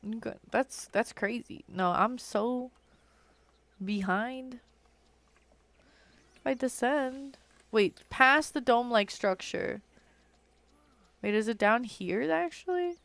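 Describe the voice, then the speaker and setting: A woman's voice: on the high side, expressive, takes it slowly, creaky, long pauses, a bit bright, dry recording. A young adult woman chatting casually while streaming a game, rambling on and filling her speech with "like.". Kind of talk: casual live-stream chat while gaming.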